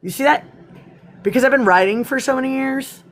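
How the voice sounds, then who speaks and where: Chatty, slightly hoarse woman livestreaming. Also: high voice, brisk. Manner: chatty, swears casually, greets commenters by name. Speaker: livestream host. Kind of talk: casual livestream chat and reading her own poems.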